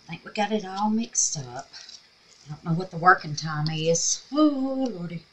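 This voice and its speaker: A Mississippi craft vlogger with a scratchy Southern voice chats casually through a crafting tutorial in her home craft room, where an air purifier runs. Her voice is lowish, her intonation lively, and her pace moderate. She talks to herself and calls her viewers babies.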